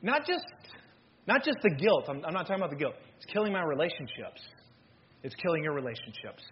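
High-voiced animated preaching man. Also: a little fast, highs cut off, a little hiss or hum. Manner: animated, swings between loud and hushed, calls himself ranting. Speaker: pastor. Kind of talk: sermon.

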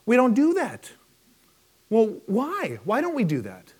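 Animated high-voiced preacher. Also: male voice, unhurried, husky. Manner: storytelling, animated with impressions. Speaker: pastor. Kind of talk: sermon.

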